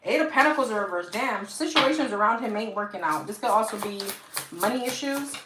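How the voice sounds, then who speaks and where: A female tarot reader with a New York accent does a live-stream reading, her voice a little high, animated, and slightly fast. She's casual and talkative, calling viewers "girl" and "guys." It was recorded on a phone mic in a roomy space, so there's echo and a faint hiss.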